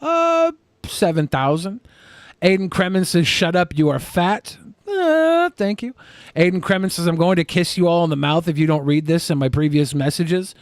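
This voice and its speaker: A male podcast co-host reads out viewer donations and tosses off jokes between them. His voice sits a little high for a man and sounds dry and close to the mic. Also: animated, moderate pace, dry recording. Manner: offhand, joking. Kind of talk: reading donation messages on stream.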